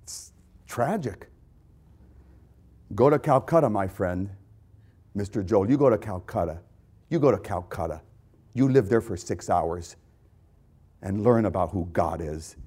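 A man preaching a sermon with passion, repeating lines and swinging from loud outbursts to quiet, intense remarks. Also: on the low side, expressive, measured pace, pauses often, breathy edge. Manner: impassioned, repetitive, swings loud to soft. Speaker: pastor.

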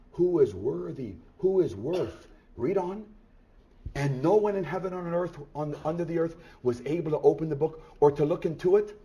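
A man preaching a sermon through a scripture passage, dropping to hushed tones and then building to loud, emphatic bursts, with repeated rhetorical questions. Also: medium pitch. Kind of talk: expository sermon reading from scripture.

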